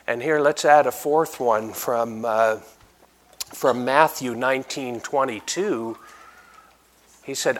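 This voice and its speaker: A man preaching a sermon, putting rhetorical questions to the congregation and building to loud, emphatic peaks. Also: medium pitch, slow pace, pauses often.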